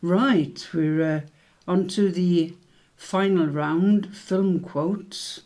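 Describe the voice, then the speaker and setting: Slow, gravelly quiz host. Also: mid-range voice, a little mellow. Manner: chatty, laughs often between answers. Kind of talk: casual online quiz hosting.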